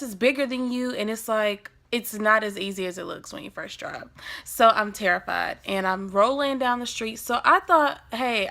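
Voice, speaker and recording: A young woman tells a personal story for her vlog, animated and dramatic, swinging between loud bursts and hushed asides. Her voice is bright and sharp with a gravelly edge. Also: a little high. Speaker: vlogger.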